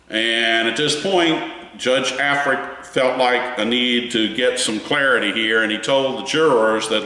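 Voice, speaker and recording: Animated Southern man in echoey room. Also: moderate pace. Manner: animated, folksy storytelling with wide pitch swings. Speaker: courtroom commentator. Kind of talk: spoken trial recap. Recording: echoey room with long reverb.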